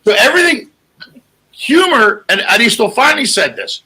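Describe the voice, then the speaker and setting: A man who is a stand-up comedian, telling animated jokey stories in a casual interview. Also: sits high, normal speed, poor audio. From Greek heritage. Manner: animated, joking storyteller with raspy, gravelly voice. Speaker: comedian guest. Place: lives in England.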